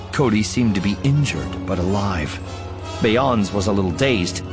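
A man narrating a dramatic story in an expressive audiobook reading, shifting voices for the characters. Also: on the low side.

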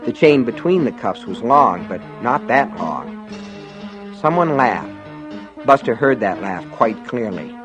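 A man reading an audiobook in a measured, dramatic storytelling manner. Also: mid-range voice, sing-song, lo-fi sound, over music. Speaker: audiobook narrator. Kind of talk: scripted audiobook narration.

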